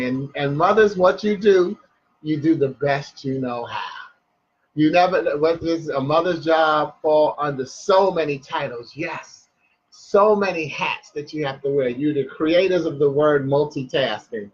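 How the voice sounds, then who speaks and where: Husky man reading a story aloud. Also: on the high side, lo-fi sound. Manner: chatty, loses his place and restarts.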